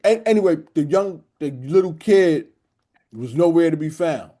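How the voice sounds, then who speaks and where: A middle-aged man with a somewhat high-pitched voice, co-hosting a casual panel talk. He tells his story in an animated, blunt and profane way, like a youth club leader speaking his mind. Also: moderate pace.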